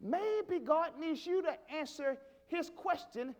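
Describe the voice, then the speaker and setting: A man's voice: very high voice, lively intonation, slow, highs cut off. A man pastor a sermon, emphatic, repeating his questions for effect.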